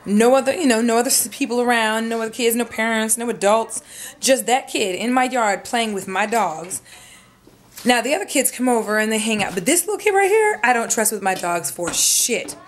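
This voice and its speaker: A woman's voice: fairly high pitch, moderate pace. A woman telling a rambling, profane story in a casual vlog at home, talking straight to the camera. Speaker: vlogger. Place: home room.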